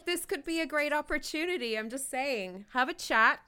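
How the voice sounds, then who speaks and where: Lady cohost riffing cheeky advice, kinda high and super bright. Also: lively intonation, moderate pace. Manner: bawdy, playful, bursts into silly sing-along. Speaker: podcast co-host. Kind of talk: casual comedic advice chat.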